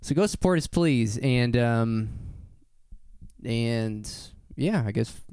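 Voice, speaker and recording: A man's voice: mid-range voice, animated, slow, darkish tone, clear, resonant tone, no echo, clean studio sound. A man hosting a podcast, talking loosely and rambling, laughing often. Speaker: podcast host. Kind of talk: casual podcast chat.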